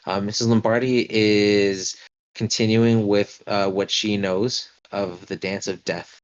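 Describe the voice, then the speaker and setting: A man narrating as game master of a tabletop game, relaxed and halting, with many fillers. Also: on the low side. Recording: dull lo-fi stream audio.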